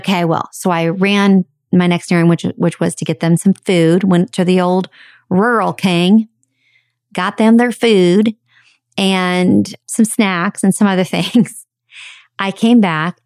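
A woman's voice: lowish voice, a little mellow, dry recording, clean studio sound. A woman podcast host telling a personal story in a chatty way, with many "like" fillers. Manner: chatty, frequent "like" fillers, dramatic retelling.

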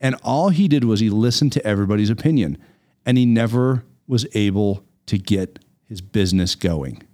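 Animated man telling a story. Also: on the low side, moderate pace. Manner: animated, repeats words while telling a story. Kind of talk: casual storytelling chat.

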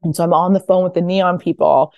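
A woman in her thirties, a fashion founder guesting on a podcast, telling stories casually and acting out quotes with bursts of high voices. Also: fairly even intonation, a little fast, gravelly, dry recording, muffled recording. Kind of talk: casual interview storytelling.

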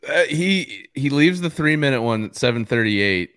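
Co-host, mid-pitch male, dry close sound, easygoing and amused. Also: expressive, normal speed, fairly bright tone, no room sound. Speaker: podcast co-host. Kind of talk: casual chat.

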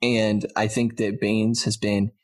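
A man's voice: lowish voice, little pitch movement, slow. A man co-hosting a sports podcast in casual chat, loose and talkative with frequent restarts. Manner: chatty, loose, lots of "like" and restarts. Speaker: podcast co-host.

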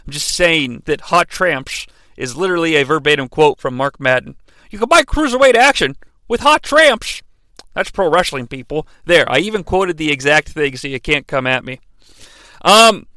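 Bright, dry-sounding man, rambling self-deprecating comic podcast host. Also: on the high side, clear, resonant tone, dry recording. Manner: rambling, self-deprecating, acts out quotes in voices. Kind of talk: comedic wrestling fantasy booking monologue.

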